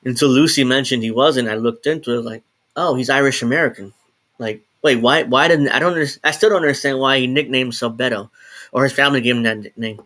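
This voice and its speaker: Quick-paced and a bit bright, a medium-pitched male voice rambles unscripted on a solo home live stream in New Jersey. He keeps breaking off and restarting sentences, swearing occasionally and laughing.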